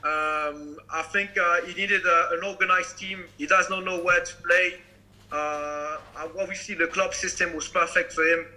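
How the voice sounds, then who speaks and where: A man with a French accent, a guest football fan on a live stream, talking in a halting way as he searches for words. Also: sits high, fairly even intonation, bright, forceful tone, low-quality recording. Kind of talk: casual chat on a live stream.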